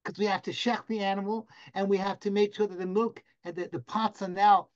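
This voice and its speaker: A man's voice: sits high, fairly even intonation, brisk. Man, teacher, dramatic storytelling, video call, muffled lo-fi audio. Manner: vivid, dramatic storytelling with sudden loud bursts. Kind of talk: storytelling lesson to a class.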